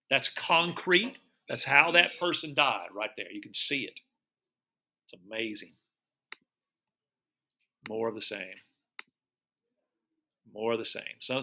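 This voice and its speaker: Speaking in a medium-pitched voice that's pushed and bright, a middle-aged teacher shows students his travel photos. His narration is chatty and eager, with repeated words and quiz questions along the way.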